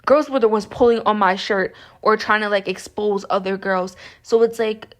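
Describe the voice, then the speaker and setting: A young woman talks straight to camera, upset and fired up, circling back with restarts and filler words. Her pitch sits at an ordinary middle height for a woman. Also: fairly even intonation, moderate pace. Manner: impassioned, upset, rambling with many restarts. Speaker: vlogger. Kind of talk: reaction commentary to camera.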